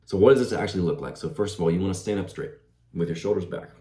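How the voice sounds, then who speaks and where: Young male vlogger, low mellow voice, laid-back "bro" delivery, echoey room. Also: rapid-fire. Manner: laid-back, says "bro" and "like", laughs easily. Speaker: self-improvement vlogger. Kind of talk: casual advice monologue. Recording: roomy echo.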